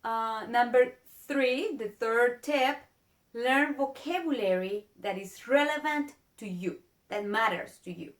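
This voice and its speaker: A woman's voice: a little high, takes it slowly. A woman whose first language is Spanish, teaching with a Spanish accent in a casual video lesson, earnest and drawing out her vowel sounds. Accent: Spanish-speaking.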